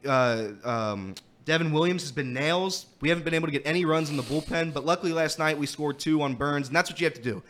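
Man, sports talk host, bright tense tone, slightly high voice, animated storyteller, throat a bit rough. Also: fast, hardly any pauses. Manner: animated storyteller, laughing often. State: dealing with a throat thing. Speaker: guest host. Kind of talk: casual sports radio chat.

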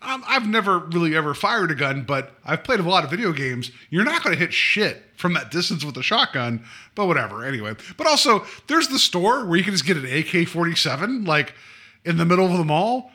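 Lively, bright-voiced film-chat guy. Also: a little high, breathy edge. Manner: enthusiastic, halting restarts. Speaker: podcast co-host. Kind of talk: casual film review chat.

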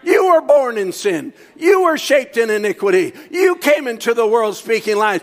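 A man preaching a sermon, reading quotations aloud and commenting on them, rising to shouts on key points. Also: very high voice, lively intonation, normal speed.

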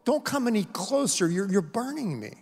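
A man's voice: high voice, very animated, moderate pace, vocal fry, darkish tone, slightly rough, in a large hall, exaggerated voice. A man voicing a timid male ghost who stammers and pleads, in a sermon story. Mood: pleading. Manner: stammering, pleading, rising to frantic.

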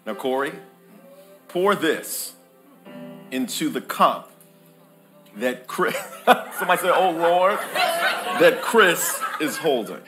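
Over music, a man with a slightly high voice and lively intonation takes his time, pausing often. He's a preacher in his thirties or forties giving a playful church-hall sermon, teasing the live congregation and asking them to respond.

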